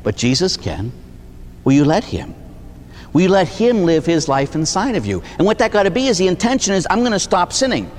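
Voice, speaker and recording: Man, catholic priest, lively sermon, acts out dialogue, rather high voice, long hall reverb, faint noise. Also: a little fast. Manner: animated storytelling, acts out dialogue, tags lines with "huh?".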